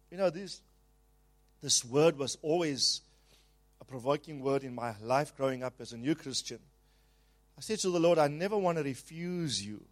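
A man preaching a sermon, emphatic, slowing down on key phrases and having the congregation repeat after him. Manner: slows down and rises in pitch and volume on key phrases. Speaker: pastor.

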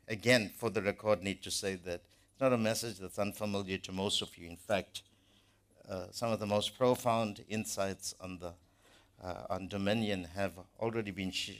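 A man's voice: lowish voice, fairly bright tone. A man preaching a sermon to his congregation, earnest and emphatic, often repeating words as he builds a point.

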